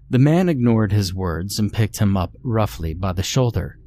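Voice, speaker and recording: A man narrating a scripted horror story in a slow, measured way. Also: lowish voice, animated, dark tone. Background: faint music.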